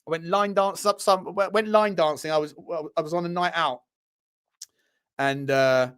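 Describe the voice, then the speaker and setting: A man with an English accent and a rather high voice hosts a live show. He chats loosely with viewers, swears without a second thought and laughs at himself. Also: steady tone, moderate pace, fairly bright tone, smooth. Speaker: host of a live fan show. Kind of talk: casual live-stream chat reacting to viewer messages.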